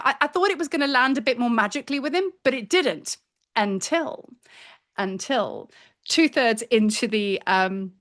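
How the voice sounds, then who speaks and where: A middle-aged woman, a spiritual teacher telling a story in a chatty, animated vlog. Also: on the high side. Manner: animated, chatty, acts out quoted voices.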